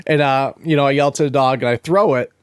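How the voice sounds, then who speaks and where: A man from Massachusetts telling a story as a podcast co-host, animated and swearing freely, full of "dude" and "like.". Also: mid-range voice, quick pace, clear, resonant tone, dry recording, clean studio sound. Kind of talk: casual storytelling chat.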